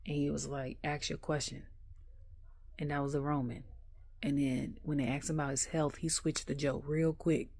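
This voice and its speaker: Female home vlogger, deep voice, lively laughing storyteller, dry room. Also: normal speed, dry recording. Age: adult. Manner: animated storyteller who laughs often. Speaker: wrestling review vlogger. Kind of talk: casual ranting recap.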